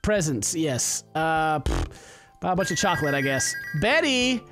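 Over music, a gaming YouTuber with a voice on the high side talks at normal speed through let's-play commentary. He rambles, laughs frequently and hams up mock-romantic lines toward a game character.

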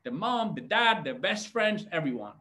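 High-voiced, energetic male sales trainer. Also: normal speed. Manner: energetic, addresses audience directly. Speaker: network marketing trainer. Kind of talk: motivational training talk.

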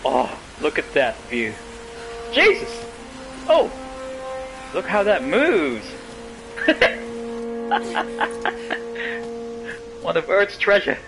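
An excitable young man commenting over his gameplay, joking and breaking into loud exclamations. He talks slowly, but his pitch swings widely, sitting a little high. Game music plays clearly behind him. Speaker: gaming channel host. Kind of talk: let's play commentary.

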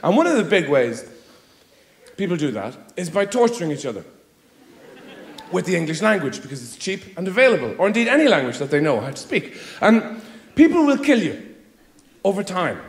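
Irish man, stand-up comedian, sardonic rambling, swooping high voice. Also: big pitch swings, a little fast, pauses often. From Ireland. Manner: rambling, sardonic, leaps into shrill mock voices. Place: theatre stage with live audience. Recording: live hall echo.

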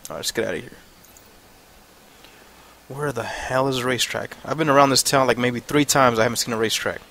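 A man's voice: medium pitch, fairly quick, vocal fry, sharp tone. A man giving casual, frustrated commentary over his gameplay, swearing and thinking aloud. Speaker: let's play gamer.

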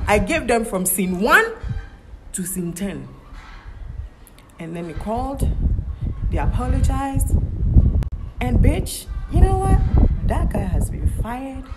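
Animated, swearing woman. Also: medium pitch. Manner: animated, indignant, swears freely. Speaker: vlogger. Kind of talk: casual storytelling vlog. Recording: clear background noise.

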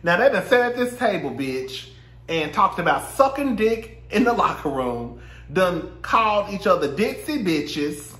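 A man's voice: high-pitched, very animated, a little slow, fairly bright tone, reverberant. A man casually recapping a reality show, sassy and profane, laughing often and mimicking the cast. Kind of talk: casual chat.

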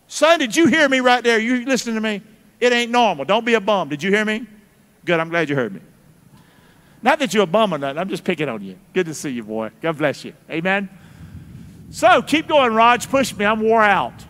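Man, pastor, high-pitched, folksy call-and-response preaching, long church reverb. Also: fairly bright tone. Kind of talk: sermon. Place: church sanctuary.

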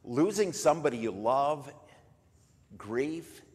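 A man preaching at a memorial service, retelling a story in a conversational way and jumping much louder for quoted lines. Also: mid-range voice, lively intonation, takes it slowly, slightly rough. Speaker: pastor. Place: church. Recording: long church reverb.

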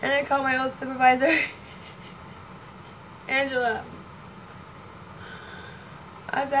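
A woman vlogger talking casually to camera, chatty and excitable, laughing often. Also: high voice, measured pace, pauses often, a little hiss or hum, poor audio. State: partially deaf.

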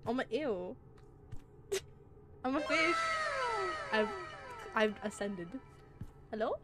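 A woman giving excitable let's play commentary, reacting out loud and swearing as she plays. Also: fairly high pitch, takes it slowly, loud music behind the voice. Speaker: gaming channel host.

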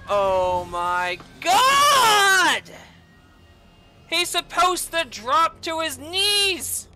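A woman giving gameplay commentary, yelling and swearing at the game, with sarcastic asides between outbursts. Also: high voice. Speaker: gaming channel host.

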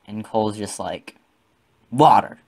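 A man's voice: medium pitch, animated, normal speed, music in the background. A young man telling a rambling, profane story in casual talk, often adding "okay?".

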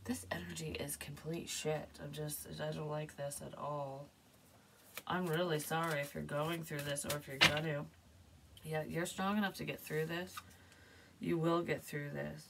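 A woman's voice: low voice, flat delivery, unhurried, vocal fry, far from the mic, slight background noise. A woman giving a casual, hesitant psychic tarot reading, rambling and sometimes dropping to a near whisper.

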